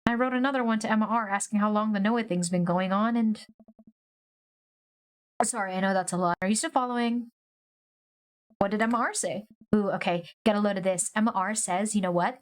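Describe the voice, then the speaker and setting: A chatty woman streaming a dating game, reading its lines aloud between lively, loose asides. Her voice sits at a middle pitch and she swears casually now and then. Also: fairly quick, pauses often. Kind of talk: casual let's-play commentary, reading game text aloud.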